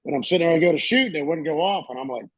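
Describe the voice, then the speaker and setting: A man, a podcast co-host telling a story in a casual, animated way and acting out the voices in it. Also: a little high, very fast, breathy edge, no echo. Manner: animated, acts out voices in his stories.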